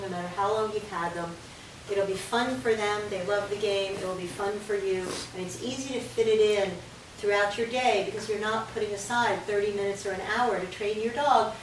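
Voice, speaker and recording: A woman dog trainer explaining training steps clearly, one at a time. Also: medium pitch, moderate pace. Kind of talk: instructional talk. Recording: echoey room, distant mic, faint hiss.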